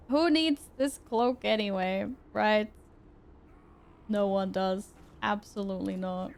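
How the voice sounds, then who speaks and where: A woman's voice: medium pitch, slow pace, creaky. A young woman streaming a video game live, chatting with her viewers in an exasperated, self-mocking way. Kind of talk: live gaming stream chat.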